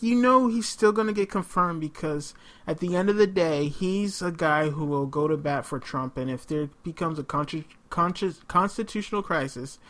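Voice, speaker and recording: A man in casual political chat, indignant and swearing, rising to loud outbursts. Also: fairly high pitch.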